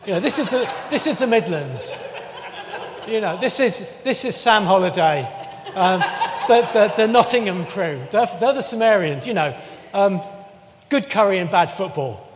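A man preaches in a relaxed, chatty way, tossing in jokes and circling back to restart his thoughts. His voice sits high for a man, and it carries the long reverb of a church hall. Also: moderate pace, background noise. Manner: chatty, jokey asides, frequent restarts. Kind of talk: conversational sermon with a map.

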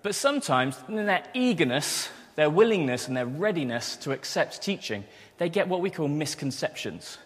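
A man's voice: fairly high pitch, sing-song, moderate pace. Man preaching in a reverberant hall. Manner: earnest, with restarts and fillers. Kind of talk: sermon. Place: church hall.

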